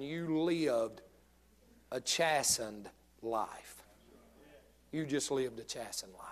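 A male pastor preaching a sermon, telling humorous stories in an animated way. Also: fairly high pitch.

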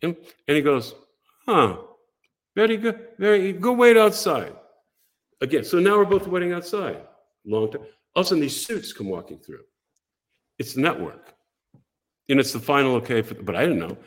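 A podcast guest, an older American man, relates a story at a fairly quick clip in a mid-range voice. His telling is casual and animated, complete with acted-out voices for the people he quotes.

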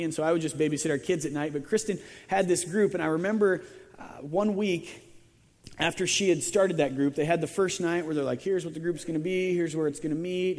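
A man's voice: a little high, darkish tone. Reverberant male pastor, chatty sermon. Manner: conversational storytelling with frequent stammered restarts and wry asides. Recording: long reverb of a large hall.

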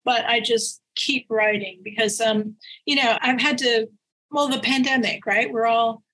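Guest spot: woman writer, slightly high and husky, lively anecdotal delivery with frequent laughs. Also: a little slow, poor audio. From United States. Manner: animated, laughs often mid-sentence. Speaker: author guest. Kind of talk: casual interview storytelling.

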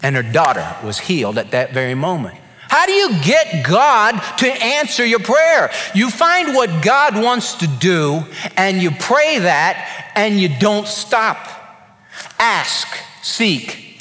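A man preaching a sermon as a pastor, swinging from hushed to loud as he acts out voices from Bible stories. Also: fairly high pitch. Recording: long reverb of a large hall.

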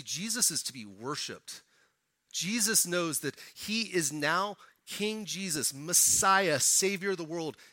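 A man's voice: fairly high pitch, sharp tone, no room sound. A man preaching a sermon to his church, acting out quoted voices as he goes. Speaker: pastor.

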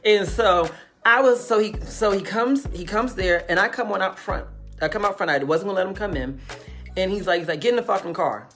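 A woman telling a personal story in a casual, animated way, calling the listener baby and honey. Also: medium pitch, brisk, soft background music.

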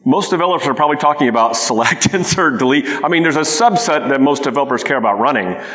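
A man answering questions on a conference panel, energetic and talkative. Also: medium pitch, quick pace. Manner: energetic, talkative, laughs often. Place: conference hall. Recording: reverberant conference hall.

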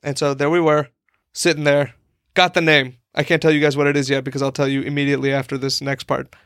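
This young podcast co-host's voice sits on the high side, clear and resonant, fairly bright, fast and with little pitch movement. He tells a long, meandering comic story stuffed with "like" and acted-out quotes, in a dry, studio-quality recording.

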